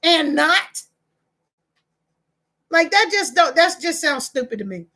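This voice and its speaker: Emphatic high-voiced woman host. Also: big pitch swings, slow pace, pushed and bright. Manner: passionate, emphatic, rising in pitch when outraged. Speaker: online talk show host. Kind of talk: casual commentary to viewers.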